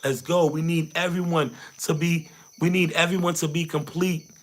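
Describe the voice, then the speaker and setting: A man's voice: a little high, level tone, normal speed. A man hosting a livestream, rallying his viewers in a preachy way and repeating his phrases. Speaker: livestream host. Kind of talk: hyped motivational livestream chat.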